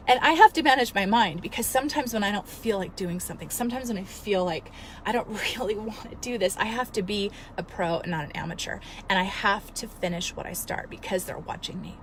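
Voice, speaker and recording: A woman in her thirties, a fitness coach, telling a story in an earnest, emotional, animated way and giving motivational advice. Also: mid-range voice, a little fast, a little hiss or hum. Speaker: fitness coach and studio owner. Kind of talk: casual motivational vlog.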